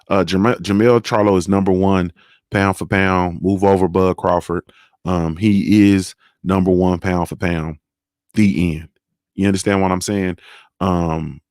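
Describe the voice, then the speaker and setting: A young man hosts a casual boxing talk stream, rambling through stories in loose, profane slang. His voice sits low. The sound is dry and close, with no room echo. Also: darkish tone. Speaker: show host.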